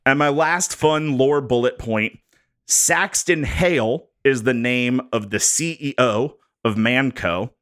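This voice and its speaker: A man on a podcast walking co-hosts through prepared bullet points in a jokey, animated way. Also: medium pitch, slow, clean tone. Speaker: podcast host presenting research. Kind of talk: casual podcast chat.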